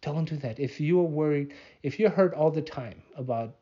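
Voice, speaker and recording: A man's voice: on the high side, normal speed, mellow, breathy edge, lo-fi sound. A tired man hosting a casual solo podcast, rambling and mocking himself with many restarts and fillers. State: tired, yawning. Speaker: podcast host.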